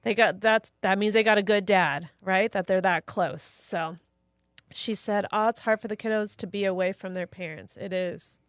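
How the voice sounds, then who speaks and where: A woman's voice: mid-range voice, moderate pace, no echo, clean studio sound. A woman co-hosting a live show, chatting casually, telling family stories and reading viewer comments aloud. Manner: warm storyteller, reads viewer comments aloud. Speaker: co-host. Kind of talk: casual chat.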